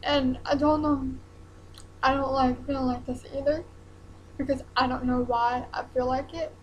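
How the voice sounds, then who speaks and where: A young woman, talking haltingly in a personal vlog while close to tears. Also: sits high, little pitch movement, highs cut off, background noise. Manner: hesitant, halting, many ums and restarts.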